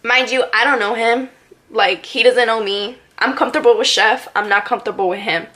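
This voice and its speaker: A young woman vlogger casually telling a personal story to camera, animated and full of "like"s. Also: on the high side, a little fast. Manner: animated, filler-heavy retelling with many "like"s.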